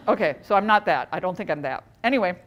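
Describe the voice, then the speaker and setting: A woman's voice: medium pitch, big pitch swings, brisk. Chatty woman presenting a training workshop. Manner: conversational, chatty, jokes with the audience.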